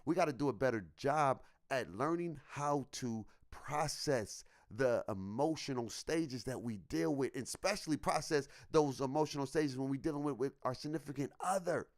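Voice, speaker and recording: A man's voice: mid-range voice, normal speed, few pauses. A young man on a podcast, telling a story in casual slang and acting out what people said. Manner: animated, slangy, acts out quotes. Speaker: podcast co-host.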